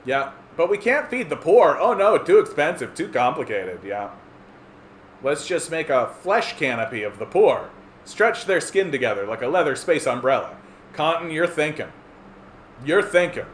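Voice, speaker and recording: A man's voice: sing-song, moderate pace. A man ranting sarcastically and profanely in a political livestream monologue. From Canada. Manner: profane, sarcastic, mocks opponents in squeaky voices. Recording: echoey room with faint ambient noise.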